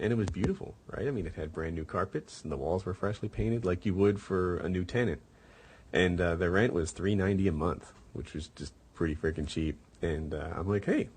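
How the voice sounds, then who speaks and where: A man's voice: low-pitched, breathy edge. A middle-aged man telling a long personal story in casual chat, rambling with many fillers. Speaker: podcast host.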